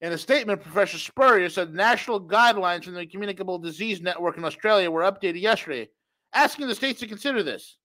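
A man's voice: sits high, animated, fast talker, sharp tone. A man co-hosting a podcast, reading news aloud with sarcastic, mocking asides. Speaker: podcast co-host. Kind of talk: casual ranting commentary.

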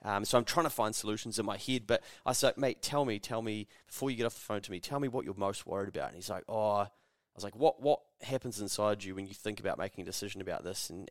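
A man's voice: lowish voice, no room sound, clean studio sound. A young man, telling stories in a casual, sweary podcast chat and acting out the people in them. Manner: sweary storytelling, acts out the people in his stories. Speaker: podcast co-host.

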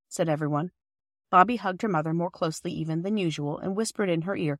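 Calm woman narrating a classic storybook. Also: on the low side, brisk, no echo, studio quality. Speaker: audiobook reader. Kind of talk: scripted narration of a classic novel.

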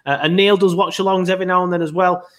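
A man's voice: high-pitched, fairly even intonation, quick pace, a bit bright. A man hosting a podcast in a casual, rambling way, full of ums and self-corrections. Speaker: podcast host.

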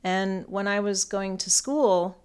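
Chatty American-accented woman, smooth voice. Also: mid-range voice, takes it slowly. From northern England. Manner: chatty, rambling, frequent ums and light laughs. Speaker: astrologer and podcast host. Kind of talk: casual solo podcast talk.

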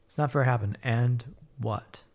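A man's voice: mid-range voice, moderate pace. A man telling his own story as a podcast guest, blunt and upbeat, swearing freely. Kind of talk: casual candid storytelling.

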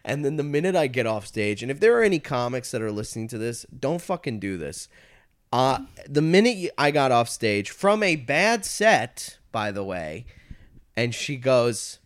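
A man's voice: mid-range voice, normal speed. A man, a comedian, telling stories in a casual podcast chat, acting out quotes and swearing freely. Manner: animated storyteller, acts out quotes, swears freely. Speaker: comedian guest.

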